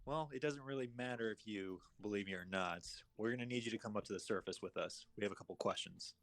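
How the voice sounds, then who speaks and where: A man in character in a tabletop game, questioning calmly and firmly. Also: on the low side, fast. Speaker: player.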